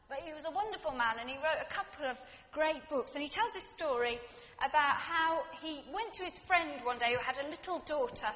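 A woman's voice: high voice, a bit bright. A woman preaching a sermon, earnest and reflective, building her points through repeated rhetorical phrases. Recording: dull, reverberant hall recording.

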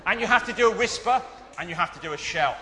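A man's voice: high-pitched, lively intonation, quick pace, pushed and bright. A man leading a church children's club and speaking earnestly to a congregation, with fillers and restarts. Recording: long reverb of a big hall.

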